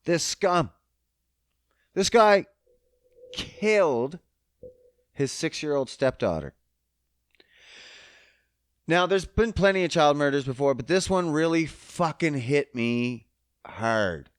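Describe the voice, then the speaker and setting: A man's voice: a little high, animated, takes it slowly, pauses often, smooth, no room sound, clean studio sound. A man hosting a podcast, ranting angrily with heavy profanity and sounding choked up. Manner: angry, heavily profane, emphatic. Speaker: podcast host. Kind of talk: emotional monologue rant.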